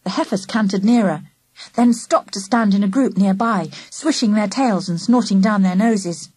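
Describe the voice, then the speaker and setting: A woman narrating a children's story aloud in a lively, animated first-person voice. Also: mid-range voice, moderate pace, breathy edge, no room sound. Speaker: audiobook narrator.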